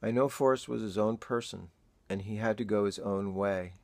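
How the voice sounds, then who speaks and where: Older man, grieving father, gravelly voice, halting and emotional video-diary delivery. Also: lowish voice, darkish tone, no echo. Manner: halting, reflective, pausing often. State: emotional, near tears.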